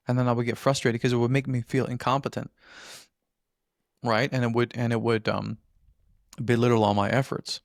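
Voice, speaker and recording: Gravelly guy on a podcast, earnest, keeps restarting sentences, dry sound. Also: mid-range voice, little pitch movement, brisk, no echo. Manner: earnest, restarts phrases while explaining. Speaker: podcast guest. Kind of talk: casual interview talk.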